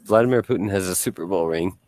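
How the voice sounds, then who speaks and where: Rambling, joking man with a low voice. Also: quick pace, noisy background. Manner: joking, rambling storyteller who swears freely. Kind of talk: casual panel chat.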